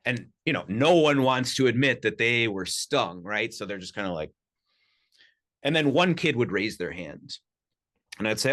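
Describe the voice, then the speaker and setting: A man telling lively personal anecdotes as a podcast guest, talking casually with lots of "you know" and "like". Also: medium pitch, moderate pace. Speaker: podcast guest, sound healer. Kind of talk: casual storytelling. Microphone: studio podcast mic.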